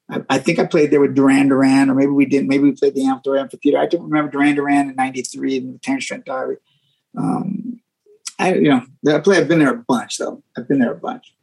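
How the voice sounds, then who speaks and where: A man, a guest musician, telling stories in a casual interview, animated and often repeating words as he acts out what people said. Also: medium pitch, vocal fry, slightly rough, low-quality recording.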